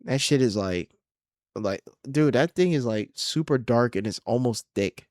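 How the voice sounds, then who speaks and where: On his own podcast, a young comedian and host delivers a casual, profane solo rant, rambling and exasperated. His medium-pitched voice is animated, unhurried, and a little mellow, recorded as clean studio sound with no room noise.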